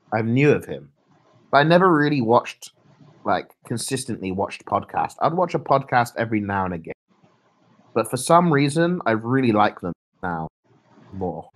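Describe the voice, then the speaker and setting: A young man streaming, chatting casually and reading his chat aloud in a laid-back, mumbling way. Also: mid-range voice.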